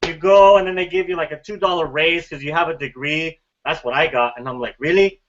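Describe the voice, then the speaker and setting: A man's voice: fairly high pitch, fairly even intonation, brisk, fairly bright tone, slight background noise. A man giving an earnest motivational talk to a group, full of rhetorical questions. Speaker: mastermind group member. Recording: dull lo-fi sound.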